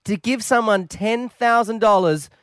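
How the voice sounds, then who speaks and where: A man's voice: sits high, a little slow, smooth, no room sound, studio quality. A man co-hosting breakfast radio, telling jokey stories. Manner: animated, jokey storytelling. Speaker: radio co-host. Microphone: studio microphone.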